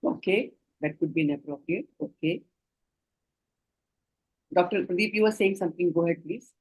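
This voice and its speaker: A woman's voice: fairly low pitch, moderate pace, darkish tone, slightly rough, rough recording. A woman with an Indian English accent giving an online training lecture to doctors, explaining points earnestly and speaking directly to her trainees over a video call.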